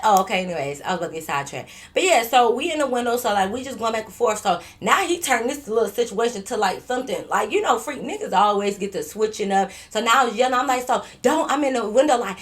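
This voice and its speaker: A woman vlogger telling a story in a casual, animated, profane way, repeating herself and stuttering a little. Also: a little high, fast talker, hardly any pauses.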